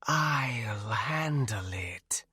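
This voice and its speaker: Whispered role-play, creepy wraith lady guy doing her, hissy ghostly whisper, slow and clipped, dry sound. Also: medium pitch, expressive, pushed and bright, slightly rough, dry recording, heavily acted. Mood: hissing. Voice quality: haunting, ethereal hiss. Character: shapeshifting female shadow wraith, cold and commanding.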